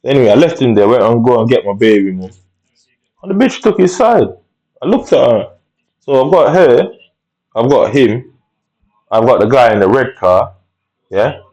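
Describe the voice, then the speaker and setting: A man's voice: medium pitch, moderate pace, pauses often, a little mellow, dull audio. A man with telling an angry personal story, rambling and profane, full of tag questions. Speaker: vlogger.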